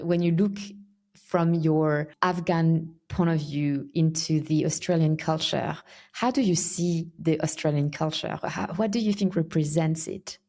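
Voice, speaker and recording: Low mellow-voiced woman podcast host. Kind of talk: podcast interview.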